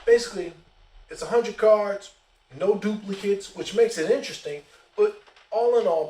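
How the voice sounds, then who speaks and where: A man hosting a casual storytelling podcast, animated and profane in a conversational way. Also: high voice. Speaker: podcast host. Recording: roomy echo, distant mic.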